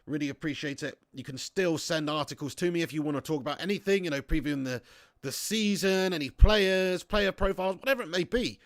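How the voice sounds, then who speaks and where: A man's voice: a little high, a little fast, dry recording, studio quality. A man hosting a casual football watch-along stream, rambling through jokey banter and laughing often as he reads out viewer chat. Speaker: livestream host reading viewer chat.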